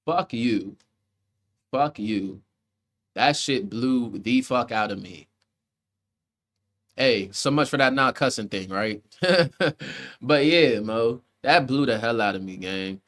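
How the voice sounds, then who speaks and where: A man's voice: medium pitch, a bit bright. Casual, profane male movie reviewer. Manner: rambling, profane, conversational, with frequent restarts.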